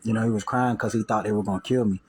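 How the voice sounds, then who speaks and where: His fairly low voice is slightly rough and steady in tone, delivered rapid-fire over a rough recording. Sharing a personal story with viewers, the man uses slang and profanity, keeps repeating and restarting, and loudly voices the people he quotes.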